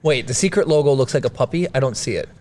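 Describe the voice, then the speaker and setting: A man's voice: mid-range voice, fast, darkish tone. A man co-hosting a podcast, joking around playfully in casual live-stream chat. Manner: playful, jokey. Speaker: podcast co-host.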